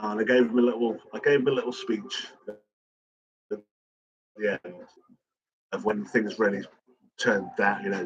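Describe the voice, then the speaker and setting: A middle-aged man, chatting casually, swearing constantly and talking in a raw, halting way. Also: fairly low pitch, fairly bright tone, dull audio. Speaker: channel host. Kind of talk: casual chat.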